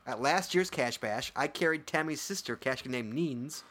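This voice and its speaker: A man's voice: mid-range voice, normal speed, a bit bright. A man co-hosting a podcast, reading listener emails aloud and joking with his co-host, laughing often. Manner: jokey, laughs often, reads entries aloud.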